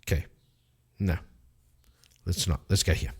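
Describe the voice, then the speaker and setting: A man's voice: low voice, fairly even intonation, measured pace, husky. A man narrating a solo tabletop game in a casual, rambling way, often correcting himself.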